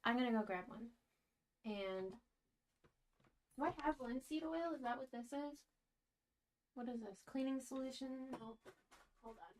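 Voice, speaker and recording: A young woman chats casually to her camera while she paints. Her voice sits a little high and she talks slowly, but everything she says is giddy, gushing and excitable. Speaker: painting vlogger. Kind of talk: casual vlog talk to camera.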